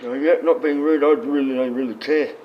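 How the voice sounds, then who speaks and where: A man's voice: medium pitch, steady tone, brisk, muffled recording, a little hiss or hum. A man chatting casually on a livestream, rambling and swearing freely.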